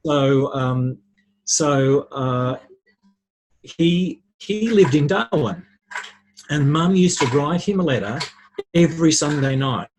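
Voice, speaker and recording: A man, a podcast guest, explaining ideas with lively anecdotes and worked examples. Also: fairly high pitch, slow pace, long pauses. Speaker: podcast guest, relationships speaker. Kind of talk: conversational storytelling.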